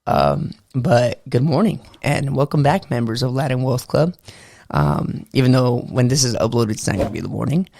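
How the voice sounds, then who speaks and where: A man's voice: mid-range voice, expressive, normal speed, vocal fry, darkish tone, no room sound. A man hosting a casual motivational podcast, just out of bed, rambling loosely and saying "you know" and "bro" a lot. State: just out of bed, early morning voice. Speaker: podcast host.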